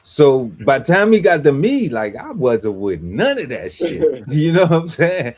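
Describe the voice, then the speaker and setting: A man's voice: a little high, very animated, measured pace, darkish tone, slightly rough. A man on a podcast panel telling a story in casual, slangy chat, laughing often and acting out quotes.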